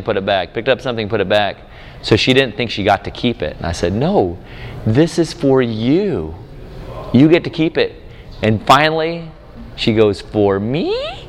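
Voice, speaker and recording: A man with a mid-range voice, who is a campus minister and conference speaker, preaches a storytelling sermon in a conference hall. He tells a family story with lively acted voices, including his small daughter's, and the recording echoes with long reverb.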